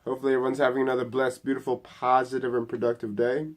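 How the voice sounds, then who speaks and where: A man on his vlog who greets viewers brightly and then reads his own book aloud with dramatic emphasis. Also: medium pitch, completely flat delivery, rapid-fire.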